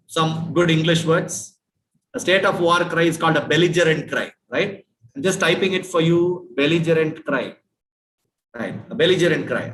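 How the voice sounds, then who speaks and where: A man's voice: fairly high pitch, a bit bright, roomy sound, a little hiss or hum, rough recording. A man with an Indian accent giving a dental lecture, often asking the students questions and repeating his points. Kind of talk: classroom lecture.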